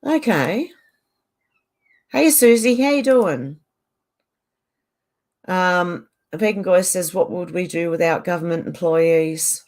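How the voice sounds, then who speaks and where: A woman hosts a casual live chat, reading out viewer comments and quickly agreeing or answering back. Her voice sits a little low for a woman, and she talks in a loose, easygoing way at home. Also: a little mellow. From Australia.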